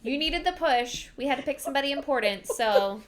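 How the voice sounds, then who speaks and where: A cold, commanding young man who gives flat, blunt orders with no sympathy, as a woman puts him on. He sounds dismissive and in control, as in a casually retold fantasy story. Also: high-pitched, a little fast, slight background noise, pitched above the performer's own voice.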